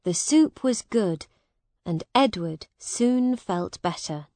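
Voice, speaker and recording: Very slow woman storybook narrator. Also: medium pitch, expressive, warm tone, no room sound. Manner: slow, clear and deliberate.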